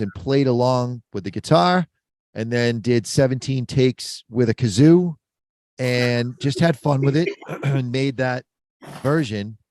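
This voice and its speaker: A man's voice: mid-range voice, darkish tone, no room sound. A man hosting a casual podcast chat, explaining things in a confident, practical way. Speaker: podcast host. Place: mobile studio.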